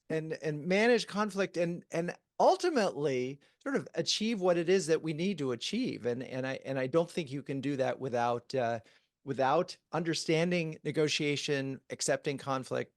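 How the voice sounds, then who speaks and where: A man's voice: on the high side, no room sound. A male podcast host thanking his guest at the close of an interview, effusive and full of filler words.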